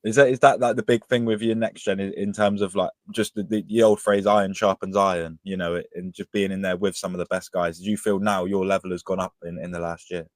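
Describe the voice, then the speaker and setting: A male co-host with a very deep, flat voice. He asks his questions haltingly, with pauses and restarts. The sound is dry and close. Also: no room sound. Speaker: podcast co-host. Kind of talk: casual interview.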